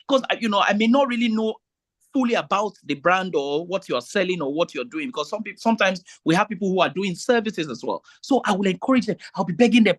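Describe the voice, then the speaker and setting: A woman with a Nigerian accent who hosts vendor meetings, speaking in a casual, animated, pleading way with many restarts. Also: on the high side, quick pace.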